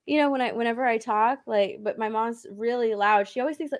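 A soft-spoken woman co-hosting a gaming stream, chatting casually and quick to agree. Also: fairly high pitch. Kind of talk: casual chat.

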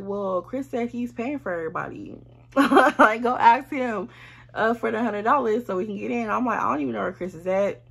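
Husky young woman telling a story. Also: medium pitch. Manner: animated, profane, emphatic. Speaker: storyteller vlogger. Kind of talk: casual storytime.

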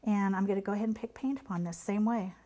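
Speaking quickly in a steady, dark, mid-range voice, a middle-aged woman who is a pastry chef demonstrates cake painting in a tutorial. Her chat is encouraging, and her voice falls almost to a whisper as she works.

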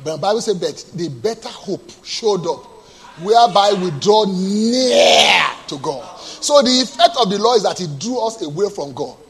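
A male pastor preaching a sermon, asking the congregation to answer and moving between quiet storytelling and loud bursts. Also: lively intonation, a little fast, few pauses. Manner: call-and-response preaching, asks the congregation to answer; drops to a low soft storytelling voice, then bursts out loud.

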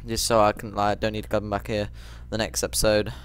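A man giving rambling let's play commentary, jumpy and quick to shriek when startled. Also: fairly low pitch, completely flat delivery, clear, resonant tone.

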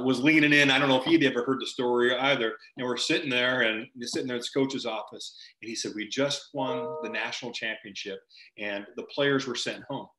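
Bright-voiced earnest man in an echoey room. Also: medium pitch. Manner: earnest, repeats and restarts phrases. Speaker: ministry huddle host. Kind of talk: prayer and earnest storytelling. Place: home, virtual meeting.

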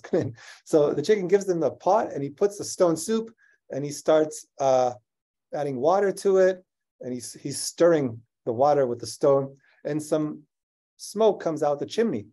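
Man, scientist guest, lively storytelling, slightly high voice, mellow tone. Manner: animated storyteller, voices characters, laughs often. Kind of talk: conversational interview.

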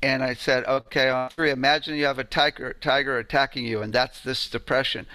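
A man's voice: mid-range voice, fairly even intonation, fairly quick, sharp tone, no echo. A man giving an informal lecture on sound healing, telling stories in a conversational way and often asking "right?".

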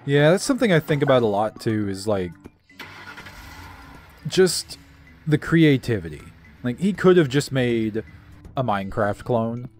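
Chatty man yelling at a game. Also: medium pitch, very animated, unhurried, long pauses, faint music behind. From American South. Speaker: co-host playing a video game. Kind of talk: casual gaming commentary.

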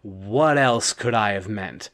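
A man voicing a polite gentleman in Naples who is searching for his lost pet, speaking oddly matter-of-fact. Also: fairly low pitch, takes it slowly, voice pushed down.

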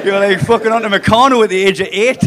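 A man with a thick Geordie accent works the crowd from a comedy club stage. His voice sits fairly high for a man, and he swears freely as he teases the people up front. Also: fairly even intonation, quick pace. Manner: swearing, teasing the front row. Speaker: stand-up comedian. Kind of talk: stand-up crowd work.

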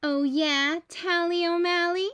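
A woman's voice: very high-pitched, fairly even intonation, takes it slowly, fairly bright tone, pitched above the performer's own voice, heavily acted. A woman voicing a whiny, competitive little girl in a storybook read-aloud. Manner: whiny, eager.

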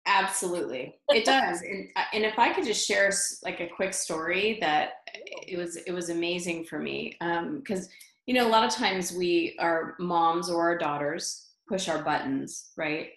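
A middle-aged woman, a guest in an interview, telling a personal story in an animated way, laughing often and restarting her sentences. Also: fairly low pitch, normal speed. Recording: roomy echo.

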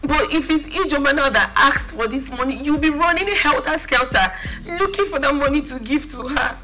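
A woman acts out a young Nigerian woman pleading earnestly with her brother. Her voice sits mid-range and steady. Music plays behind her. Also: medium pitch, normal speed, lightly acted, rough recording. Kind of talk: Nollywood film drama.

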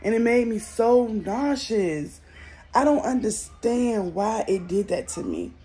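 A woman's voice: fairly high pitch, expressive, takes it slowly, mellow, slightly rough. A young woman with a Southern American accent, chatting casually and bluntly to her viewers, swearing freely, recorded at home on a phone. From Southern United States. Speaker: vlogger. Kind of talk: casual vlog chat. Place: at home, in bed.

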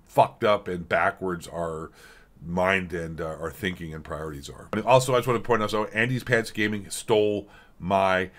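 A man hosts a reaction video in a sarcastic, rambling rant full of crude remarks. His voice sits on the low side, and he keeps an offhand, mocking tone throughout. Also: normal speed, fairly bright tone. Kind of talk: casual rant commentary.

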